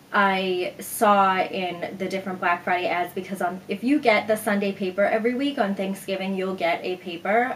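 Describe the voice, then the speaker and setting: A woman's voice: medium pitch, slight background noise, low-quality recording. A young woman vlogger casually telling a long personal story, acting out what people said. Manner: chatty, animated retelling with acted-out quotes. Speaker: beauty vlogger.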